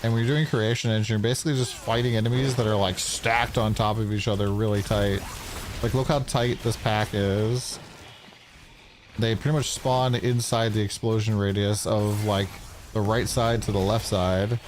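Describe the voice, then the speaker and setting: A man with a fairly low voice runs a casual gameplay livestream. He talks loosely with his chat, breaking into easy swearing as he explains what he is doing, with a faint hum of noise in the background. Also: fairly even intonation, normal speed. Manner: loose and chatty, swears freely, answers chat. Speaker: game streamer.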